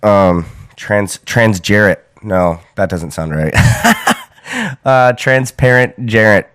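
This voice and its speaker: A young man with an American accent talks in a loose, rambling way, full of ums and restarts. His voice sits low and smooth, recorded close and dry with no room around it. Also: very animated, takes it slowly, fairly bright tone, dry recording. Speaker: podcast host. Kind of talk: casual rambling monologue.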